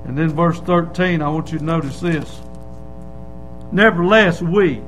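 A preacher with a notably high voice delivers a fiery sermon in a church. He drops into quiet asides, then climbs into loud hollering. Faint music plays behind him. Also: moderate pace, pauses often, rough recording. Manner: hollering, swings from low asides to loud shouts. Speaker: Baptist preacher.

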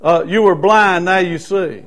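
A man's voice: sits high, unhurried, fairly bright tone. A middle-aged man preaching a Baptist sermon with emphatic repetition. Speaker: Baptist pastor.

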